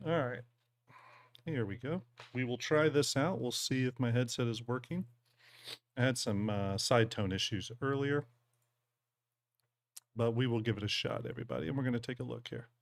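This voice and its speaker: A man's voice: medium pitch, normal speed, pauses often, no room sound. A man from the American South with a Southern accent, streaming casually while he works on ship designs, rambling with plenty of ums and folksy asides. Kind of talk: casual live-stream talk.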